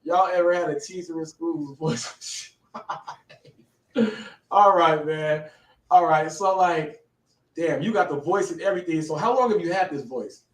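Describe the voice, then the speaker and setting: A male host with a fairly high voice rambles through a casual interview, full of slang and restarts. He sits away from the mic, and the room rings around his voice. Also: a little slow, pauses often. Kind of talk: casual live-show interview. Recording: echoey, distant from the mic.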